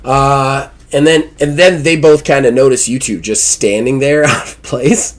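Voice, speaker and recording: A man narrating as game master in a casual, halting way with many fillers. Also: mid-range voice, steady tone.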